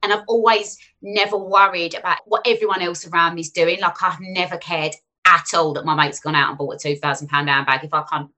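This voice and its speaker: A woman talks fast and casually as a podcast guest, acting out the people she quotes. Her voice sits fairly low but has a bright, forceful edge. She rushes from one thought to the next. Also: fairly even intonation. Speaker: guest, finance author.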